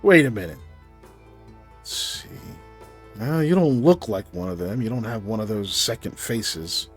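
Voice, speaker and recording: A man voicing a gruff male lead wolf of a pack, speaking low and muttering as he sizes up a stranger. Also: lively intonation, measured pace, soft background music. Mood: suspicious.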